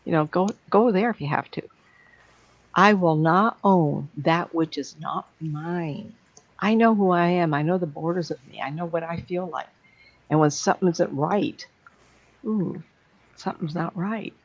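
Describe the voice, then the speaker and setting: A woman's voice: on the low side, normal speed, darkish tone. A woman speaking as a psychic medium, giving a blunt, plain-spoken talk to an audience. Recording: dull lo-fi sound.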